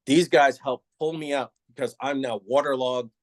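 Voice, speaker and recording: There's no echo as this middle-aged man, once an NYPD officer and now retired, talks at an ordinary pace in a medium-pitched voice. Animated and quick to laugh, he tells a candid tale and acts out other people's lines.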